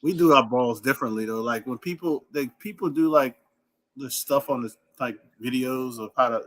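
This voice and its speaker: A man's voice: mid-range voice, moderate pace. A man from Louisiana with a New Orleans accent, co-hosting a casual podcast chat and telling stories with lots of laughter. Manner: animated storyteller, laughs often, slips into character voices. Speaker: podcast co-host.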